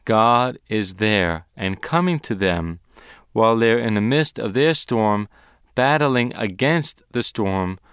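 A man's voice: on the low side, lively intonation, slow, fairly bright tone, smooth, dry recording, clean studio sound. A man teaching from the Bible on a ministry broadcast, earnest and emphatic, repeating key verses.

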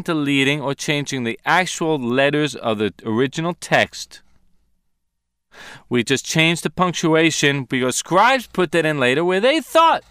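A man's voice: mid-range voice, fairly bright tone, smooth, no echo, clean studio sound. A man teaching a sermon on scripture, emphatic and dramatic when acting out quoted voices. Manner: emphatic, dramatic quoting of disciples. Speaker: Bible teacher.

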